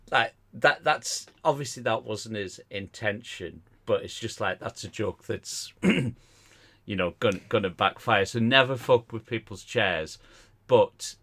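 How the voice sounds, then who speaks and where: Low-voiced man telling a story. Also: bright, forceful tone. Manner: chatty, stumbling, laughs through his stories. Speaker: podcast co-host. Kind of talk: casual storytelling.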